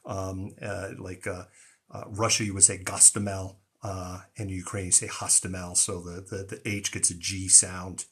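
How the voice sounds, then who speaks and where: Flat and moderately paced, this news show host's low voice is a bit bright and slightly rough. He hosts a live stream casually, full of ums and restarts, with a largely neutral American accent touched by Boston.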